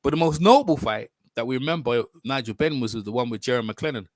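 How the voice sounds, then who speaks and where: With no room sound around him, a man speaks fast and animatedly in a mid-range voice. He is hosting a laid-back boxing live stream, chatting and rambling with viewers and making self-corrections.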